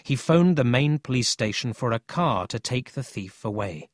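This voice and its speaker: A man narrating a children's audiobook in a scripted, expressive storytelling manner. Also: medium pitch, moderate pace, no room sound, studio quality.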